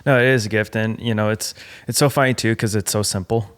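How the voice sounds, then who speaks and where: A man interviewing a pastor in a relaxed, casual way, often affirming. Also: lowish voice, a little fast, clear, resonant tone.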